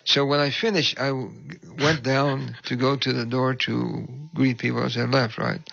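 A man's voice: medium pitch, little pitch movement, moderate pace, gravelly, a bit bright, no room sound, lo-fi sound. A man who is a pastor, telling a story in conversation and acting out the voices he quotes.

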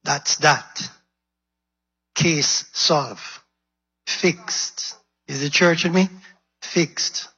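A man preaching a sermon, retelling a story dramatically and acting out its quotes in a husky voice. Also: on the high side, takes it slowly, pauses often, pushed and bright. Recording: dull lo-fi recording.

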